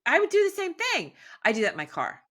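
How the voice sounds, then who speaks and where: A woman hosting a podcast interview, chatting casually and enthusiastically, wrapping up with warm thanks to her guest. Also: very high voice, wildly swooping pitch, fast talker. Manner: enthusiastic, effusive, laughs easily. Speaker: podcast host.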